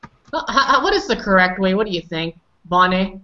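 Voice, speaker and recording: A woman's voice: mid-range voice, animated, moderate pace, bright, forceful tone, dull audio. Woman teacher correcting pronunciation. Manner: patient, correcting and prompting students. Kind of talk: online class instruction.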